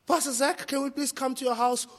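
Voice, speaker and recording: A man's voice: very high-pitched, fairly even intonation, a little fast, pitched above the performer's own voice. A man imitating his little nephews begging him in a wheedling, sing-song way. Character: small pleading boy nephews.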